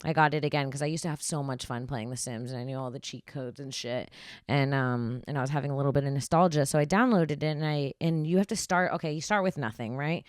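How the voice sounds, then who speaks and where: A woman's voice: extremely low pitch, fast talker, no echo, clean studio sound. A woman in her thirties, a stand-up comedian, riffing through a casual, rambling and profane podcast monologue. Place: podcast studio.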